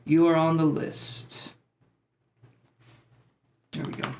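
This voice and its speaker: A man's voice: on the high side, completely flat delivery, slow pace, darkish tone. A man giving tarot readings on a live stream, chatting loosely and joking with viewers between cards. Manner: loose and jokey, rambling asides to viewers. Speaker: tarot reader.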